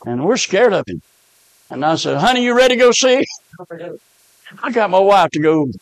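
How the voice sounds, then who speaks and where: A middle-aged pastor preaches in a folksy storytelling way, his voice sitting high and climbing further when he shouts. He breaks into amens between the story beats. The sound is dry and close, with little room echo. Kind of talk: storytelling sermon.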